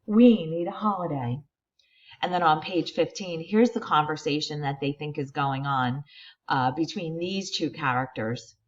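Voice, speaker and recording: A woman reading a children's picture book aloud, expressive and stopping to point out the pictures. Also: deep voice, dull audio. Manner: expressive reader who pauses to explain the pictures. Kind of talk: read-aloud storytime.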